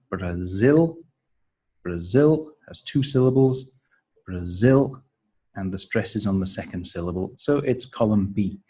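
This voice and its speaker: A man's voice: on the low side, mellow, breathy edge, poor audio. A man acting as a teacher trainer, walking through a training manual step by step with frequent ums. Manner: slow, explanatory, with frequent ums and uhs. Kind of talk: instructional walkthrough of a training manual.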